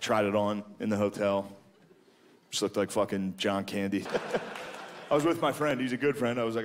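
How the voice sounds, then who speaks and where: A man's voice: on the low side, steady tone, normal speed, long pauses. A man doing a stand-up comedy set on a club stage, telling rambling, profane, self-deprecating stories into a handheld mic.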